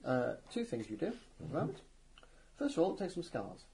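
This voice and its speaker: A man runs a tabletop game in a gravelly, fry-edged voice. He narrates haltingly, stopping to restart. Faint noise hums behind him. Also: a little high, huge pitch swings, mellow. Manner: halting, full of uhs and restarts. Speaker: game master.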